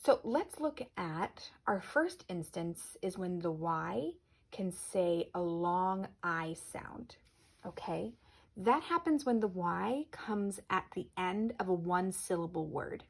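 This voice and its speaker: Woman teacher for a kids' spelling lesson: low, gravelly, a little husky, patient. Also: expressive. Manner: patient, clear, slows down on example words. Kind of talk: recorded spelling lesson for children.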